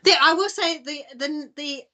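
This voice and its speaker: A woman co-hosting a mahjong stream, quick to question plays and laughing often. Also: sits high, bright, forceful tone. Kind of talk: casual game commentary.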